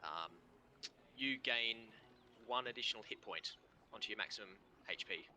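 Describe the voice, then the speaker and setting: Bright-voiced Australian game master. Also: male voice, lowish voice, slight background noise, low-quality recording. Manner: halting, full of ums and kind-ofs. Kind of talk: narrating a tabletop game. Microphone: online voice call.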